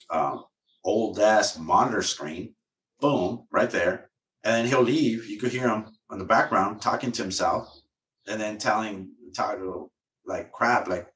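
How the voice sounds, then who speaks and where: A man's voice: on the low side, a bit bright. A man streaming live and ranting casually, rambling and swearing, repeating himself as he goes. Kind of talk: casual livestream rant. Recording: roomy echo, far from mic.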